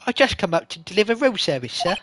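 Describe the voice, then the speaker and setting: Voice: medium pitch, big pitch swings, quick pace, dry recording, voice pushed up. A streamer voicing a polite, deferential hotel bellboy in a Michael Caine impression while reading a video game aloud. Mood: courteous. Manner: formal, deferential, says sir often, Michael Caine impression. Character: polite elderly male butler-like hotel bellboy. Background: loud game music.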